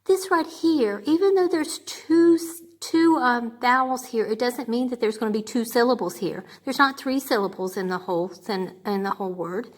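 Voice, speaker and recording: Patient teacher woman sounding words out. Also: fairly high pitch. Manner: patient, repeats okay often, sounds words out slowly. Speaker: grade two teacher. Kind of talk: remote lesson for young children.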